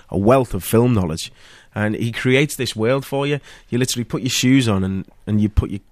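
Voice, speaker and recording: A man with a Liverpool accent, an actor chatting as a guest and telling stories with lively energy. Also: lowish voice, dry recording, studio quality. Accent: Liverpool (Scouse). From Liverpool, England. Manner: animated storyteller, quick to laugh. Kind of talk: casual interview chat.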